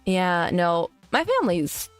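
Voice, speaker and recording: A woman's voice: fairly low pitch, huge pitch swings, slow, clear, resonant tone, faint music behind. A woman VTuber streamer in casual live-stream chat, reading viewer messages aloud and answering them. She talks in a crude, joking and teasing way.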